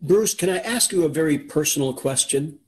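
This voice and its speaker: A man's voice: fairly high pitch, lively intonation, moderate pace. Earnest man hosting a video interview. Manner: earnest, repeats words while he talks. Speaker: interviewer, host. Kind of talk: casual talk to viewers and interview. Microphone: video call.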